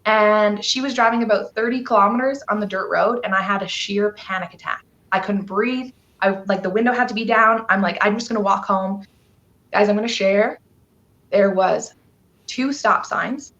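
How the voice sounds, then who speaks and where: A woman's voice: mid-range voice, moderate pace, a bit bright, lo-fi sound. A woman from Canada, a guest telling a personal story on a live stream, earnest and emotional, rambling with fillers.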